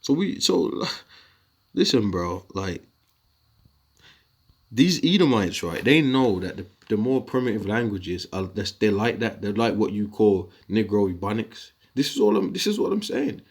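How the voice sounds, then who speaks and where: A man's voice: on the low side, big pitch swings, measured pace, creaky. A man giving an informal scripture lesson, rambling and combative, dropping slang asides as he works through the words on his screen. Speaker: video teacher.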